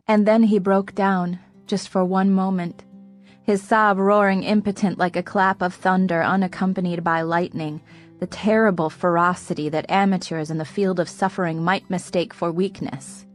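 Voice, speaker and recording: A woman narrating an audiobook in first person, measured and soft-spoken. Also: lowish voice, steady tone, faint music behind.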